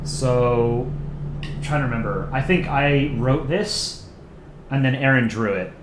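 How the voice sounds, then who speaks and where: A man's voice: medium pitch, a little slow, echoey room, noisy background. Chatty man hosting a livestream. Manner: chatty and rambling, full of fillers and little laughs. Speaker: livestream host. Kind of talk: casual livestream commentary.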